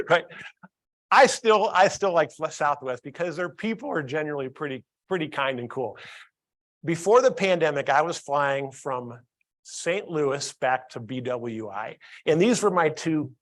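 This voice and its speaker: A man with a fairly high voice gives a training talk to a live audience. He tells a story and keeps turning to the crowd with questions. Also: lively intonation, measured pace, a bit bright. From Columbus, Ohio. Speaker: workplace training speaker.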